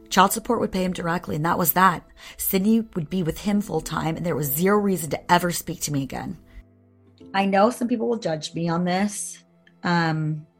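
A woman guest telling a personal story in an interview, candid and blunt, swearing freely. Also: on the low side.

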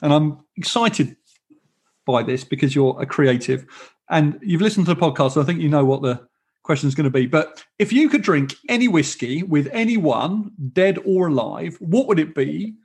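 A man's voice: fairly high pitch, lively intonation, normal speed, a little mellow, slightly rough. A man hosting a podcast interview, talking in a rambling, self-correcting way as he tells stories and asks questions. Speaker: podcast host. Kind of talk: casual interview chat.

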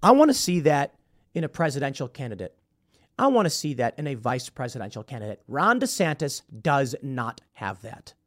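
A man's voice: mid-range voice, very animated, normal speed, no echo, clean studio sound. A man in his thirties hosting solo political commentary, talking emphatically and repeating words when heated.

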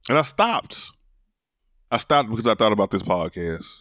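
A man's voice: fairly low pitch, expressive, moderate pace, a bit bright, no echo, studio quality. A middle-aged man hosting his own solo podcast, talking candidly and emotionally, cursing casually and repeating words as he builds his point. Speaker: podcast host.

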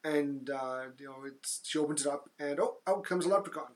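A man's voice: on the high side, a little fast. A man co-hosting a casual movie review podcast, recapping the plot with many fillers and restarts. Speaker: podcast co-host.

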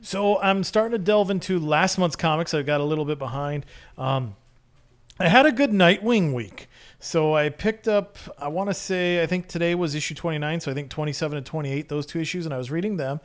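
A man's voice: fairly high pitch, a little fast. A man co-hosting a podcast in casual chat, talking in an enthusiastic, rambling way with many fillers. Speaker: podcast co-host.

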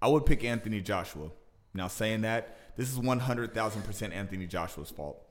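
A man co-hosting a casual boxing podcast, talking in an animated way and getting louder as he argues his point. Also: a little fast. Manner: animated, heats up and rises in pitch when arguing. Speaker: podcast co-host.

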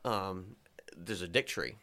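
A man's voice: low-pitched, animated, slow pace, bright, forceful tone. Man reading odd facts, crude. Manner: reads facts aloud with fillers, crude jokes. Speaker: podcast host. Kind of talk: casual chat.

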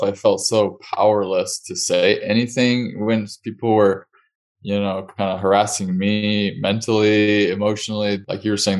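A man hosting a casual interview, asking reflective, rambling questions with many fillers. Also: lowish voice. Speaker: host and physician.

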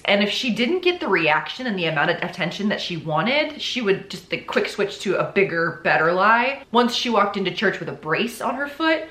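A woman's voice: mid-range voice, fairly bright tone. A young woman host telling a true-crime story in a casual, chatty way, full of "like" and sarcastic asides. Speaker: podcast host. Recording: roomy echo.

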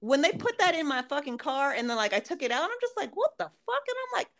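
So cal woman, high voice, cussing up a storm, acts out everybody's lines. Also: fast. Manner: profane, animated storytelling with acted-out quotes. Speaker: podcast co-host. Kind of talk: casual chat.

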